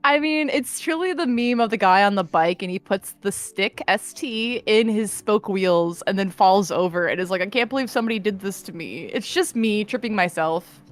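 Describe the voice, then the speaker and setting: A woman's voice: mid-range voice, normal speed, hardly any pauses, faint music behind. A woman with a slight lisp, reading fan fiction aloud on a stream and chatting casually. She giggles, mocks herself and stumbles over words. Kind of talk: casual stream chat with read-aloud narration.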